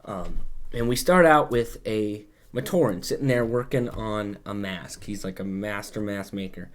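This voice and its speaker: A man's voice: fairly low pitch, normal speed. A man hosting a podcast, recapping in casual chat and rambling, with plenty of filler words and swearing. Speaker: podcast host.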